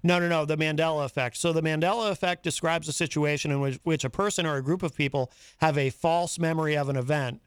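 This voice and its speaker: Male talk host, clear and smooth, slightly higher pitch, hesitant and fumbling when he explains. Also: steady tone, fast, hardly any pauses, no room sound. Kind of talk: casual radio talk.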